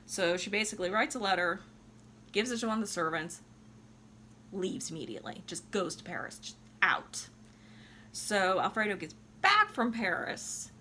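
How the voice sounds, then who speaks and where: A woman's voice: medium pitch, sing-song, unhurried, pushed and bright, a little hiss or hum. A tipsy woman casually retelling an opera plot in a loose, profane way, full of "like". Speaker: opera reviewer.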